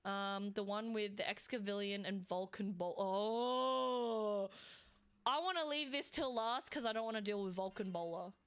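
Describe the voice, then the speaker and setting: A woman's voice: mid-range voice, fairly quick, hardly any pauses, fairly bright tone, smooth. A woman with an Australian accent, chatting casually and rambling while streaming a game. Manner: rambling, chatty, with frequent fillers and laughs. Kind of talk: casual live gameplay stream chat.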